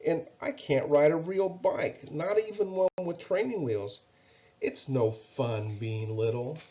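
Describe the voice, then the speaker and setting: A man's voice: on the high side, lively intonation, slow, warm tone, muffled recording, voice pushed up. A man doing a small sniffling little boy. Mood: sad. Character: little boy, shy and tearful.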